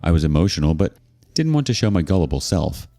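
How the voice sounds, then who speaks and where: A man narrating a story in a low, warm voice that rises and falls a lot. He tells it expressively, with a sarcastic bite in his asides, over faint background music. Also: sing-song, quick pace. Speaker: narrator of reader stories. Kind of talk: scripted narration.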